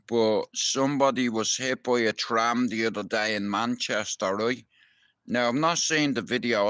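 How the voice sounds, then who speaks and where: Irish man, young adult, streaming rant, heavy swearing, bright forceful voice, dry close sound. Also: fairly low pitch, dry recording. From Ireland. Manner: heated, profane, talks to viewers directly. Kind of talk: ranting live-stream monologue.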